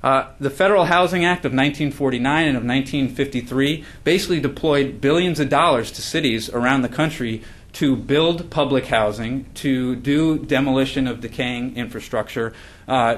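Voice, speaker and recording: A man's voice: medium pitch, normal speed. A man, as the author, giving a book talk at a launch event, earnest, with frequent fillers and restarts. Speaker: author presenting his book.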